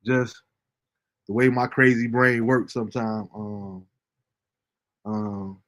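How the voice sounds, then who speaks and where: A man hosting a casual livestream show, reading out viewer comments with a relaxed, chuckling manner. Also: on the low side, takes it slowly. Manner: laid-back, chuckling often, fillers like um. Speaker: host.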